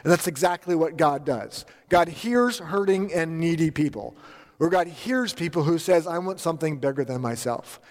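A man's voice: fairly high pitch, moderate pace, big-room sound. A male pastor preaching a sermon, telling a story in an earnest, direct way to his congregation in a church. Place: church sanctuary.

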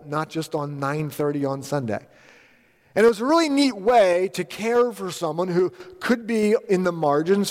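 A male pastor with a notably high voice preaches to his congregation. He tells a story earnestly, and his words ring with the long reverb of a church hall. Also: a little mellow. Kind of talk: sermon. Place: church sanctuary.

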